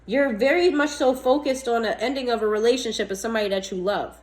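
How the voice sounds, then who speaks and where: A woman's voice: fairly high pitch, fast, rough recording. A woman reading tarot to camera in a casual, blunt and chatty way. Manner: blunt, scolding, chatty, laughs often. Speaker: tarot reader.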